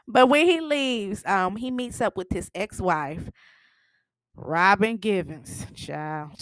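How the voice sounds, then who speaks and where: A TV recap vlogger gives a casual, sassy rundown of an episode, laughing often and acting out the characters' lines. Her voice is medium-pitched and a bit bright, her pace slow, with no room sound.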